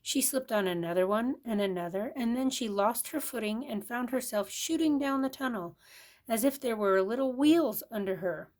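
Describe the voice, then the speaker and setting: A woman's voice: fairly high pitch, moderate pace. Older woman reading a picture book. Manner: expressive, lively storytelling. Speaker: storybook reader.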